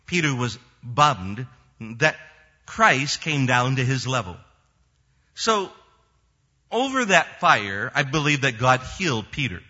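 Husky male pastor preaching with animated swings. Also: mid-range voice, muffled recording. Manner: animated preaching with sudden rises and soft drops. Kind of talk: sermon.

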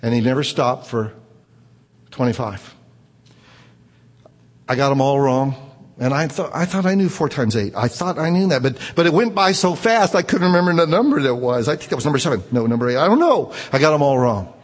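A man tells a personal story in an earnest way, now and then rising to excited emphasis. His voice is husky and of average pitch. A long reverb hangs on every phrase. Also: a little fast. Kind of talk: personal story told aloud. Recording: reverberant room.

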